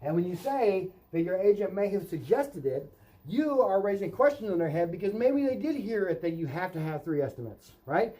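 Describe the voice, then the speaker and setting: Brief: male sales trainer, higher voice with a dark, mellow tone, emphatic, keeps asking "right?". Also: big pitch swings, normal speed, low-quality recording. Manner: emphatic coaching, role-plays customer and salesman lines; repeats "right?" to check in with viewer. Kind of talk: instructional vlog.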